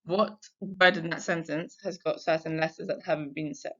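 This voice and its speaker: A woman French teacher giving a recorded lesson, reading sentences slowly and twice for dictation and explaining silent letters. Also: sits low, steady tone, lo-fi sound. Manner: slow, carefully spaced dictation in French.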